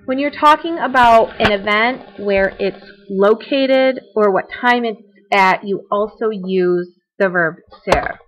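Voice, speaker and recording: A woman's voice: medium pitch, fairly bright tone, low-quality recording. Woman teaching a Spanish grammar screencast. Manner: explanatory, repeats points, conversational asides. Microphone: computer mic for screencast.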